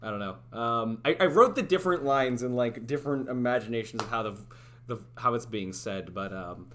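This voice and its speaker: Fairly quick and fairly bright, the man speaks at medium pitch as he streams himself making a game. His casual livestream chat wanders, full of self-doubt and laughter at his own tries.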